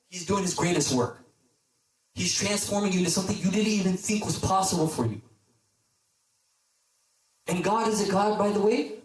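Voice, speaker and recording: A man giving a casual sermon to a youth group, with a fairly high voice. He tells a story in a relaxed way, often checks in with his listeners, and drops low for emphasis. He is heard from a distance in an echoey hall. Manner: conversational, checks in with the audience. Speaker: deacon preaching to a youth group.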